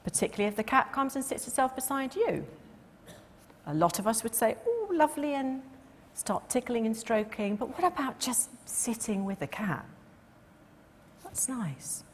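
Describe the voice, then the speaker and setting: A middle-aged woman giving a lecture in a lively, expressive way, now and then acting out the voices of a cat and its owner. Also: a little high, husky. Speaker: cat behaviour speaker. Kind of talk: lecture talk. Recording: long reverb of a lecture hall.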